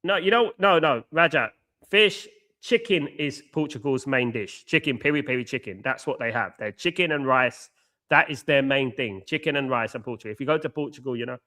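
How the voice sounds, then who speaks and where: Bright-voiced man chatting on a live stream. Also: medium pitch, brisk. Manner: chatty, repeats himself, banters with viewers. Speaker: watchalong host reading live chat. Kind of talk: live stream commentary and chat.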